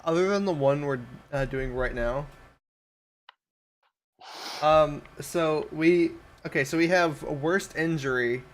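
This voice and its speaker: A man's voice: fairly high pitch, slow pace, long pauses. A young man in a casual voice chat, talking hesitantly with lots of fillers.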